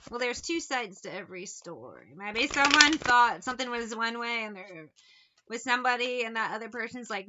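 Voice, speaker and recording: A woman's voice: on the high side, normal speed, lo-fi sound, heavy background noise. A woman giving a casual tarot reading, blunt and sarcastic, swearing freely as she talks through the cards. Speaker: tarot reader.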